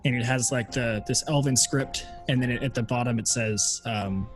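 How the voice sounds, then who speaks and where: A man narrating a tabletop game as game master, hesitant with many pauses and fillers. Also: mid-range voice, soft background music.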